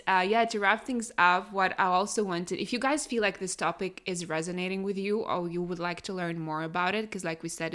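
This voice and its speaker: Animated woman. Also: fairly low pitch. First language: Lithuanian. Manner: animated, emphatic, with frequent fillers. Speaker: podcast co-host. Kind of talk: casual conversational podcast chat.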